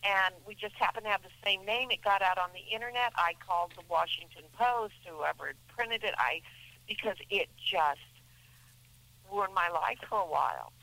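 Bright, chatty middle-aged actress. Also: female voice, mid-range voice, animated, normal speed, vocal fry, no room sound, rough recording. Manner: chatty, rambling with many restarts. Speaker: actress guest.

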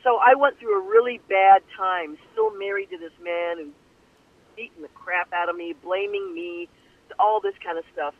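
An older woman tells her story down a tinny phone line, her gravelly voice rising and falling in lively swings. She is animated and acts out every voice she quotes. The line is dry and close. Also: mid-range voice, normal speed, no echo. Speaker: guest singer. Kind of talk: storytelling interview. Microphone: telephone.

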